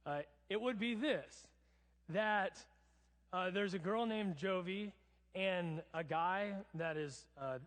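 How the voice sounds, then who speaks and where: Male preacher, conversational and wry, slightly raised pitch, recorded in a church with a long echo. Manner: casual, chatty preaching with humor. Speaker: pastor. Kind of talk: sermon. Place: church sanctuary. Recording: long church hall reverb.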